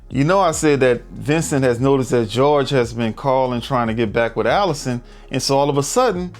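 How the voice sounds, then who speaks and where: Animated man retelling a movie plot. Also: mid-range voice. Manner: animated storytelling, acts out characters' lines in quick voices; casual slangy speech. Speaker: movie reviewer. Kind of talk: casual movie recap.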